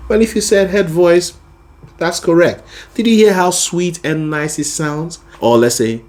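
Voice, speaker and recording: A man's voice: fairly high pitch, a little slow, a little mellow. A man teaching a singing lesson, explaining voice registers and often checking in with the listener. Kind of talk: explaining with sung demonstrations.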